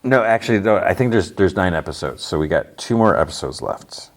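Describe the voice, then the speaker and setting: A man's voice: deep voice, expressive, a little fast. A man hosting a podcast, casually recapping TV episodes in a chatty way, full of "like" and "you know.". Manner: exasperated at the plot. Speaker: podcast host.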